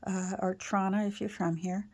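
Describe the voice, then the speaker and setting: A woman's voice: fairly low pitch, slow pace. A Canadian woman from Ontario chatting casually while she crafts, rambling with fillers and self-corrections, her voice still a little off after a sore throat. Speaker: crafter and channel host. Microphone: own external microphone.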